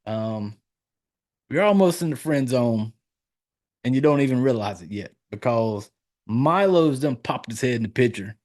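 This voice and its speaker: A man at ordinary pitch runs through the plot of a horror movie as a podcast host, rambling and loose. He swears freely and leans heavily on fillers as he goes. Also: animated, a little slow, darkish tone. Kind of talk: casual profane movie recap.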